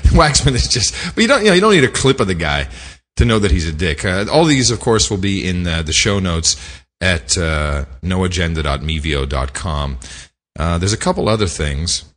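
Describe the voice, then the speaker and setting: A man co-hosting a podcast, telling stories in a casual, animated and indignant way. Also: low voice, normal speed, long reverb tail. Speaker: podcast co-host. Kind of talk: casual chat.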